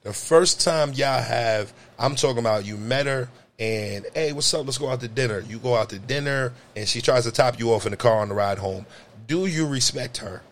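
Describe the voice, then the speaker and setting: A man's voice: mid-range voice, moderate pace. A man co-hosting a casual podcast chat, blunt and profane, telling stories animatedly. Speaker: podcast co-host.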